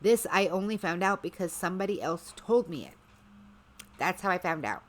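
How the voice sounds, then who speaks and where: A woman's voice: on the low side, lively intonation, moderate pace. A woman hosting a livestream, chatting casually in a rambling way with sarcastic asides. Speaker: livestream host.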